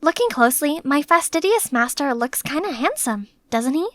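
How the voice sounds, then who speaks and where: A young woman narrating her own animated story in the first person, in a chatty, playfully dramatic way. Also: high voice, normal speed, no echo. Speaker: narrator and maid character.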